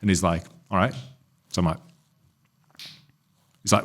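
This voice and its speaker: A lower-pitched man chatting on a podcast. He tells a sweary, blow-by-blow story and puts on the voices of the people in it, keeping it conversational. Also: expressive, normal speed, pauses often, husky. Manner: sweary storytelling, acts out both sides. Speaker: podcast co-host. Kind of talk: casual chat.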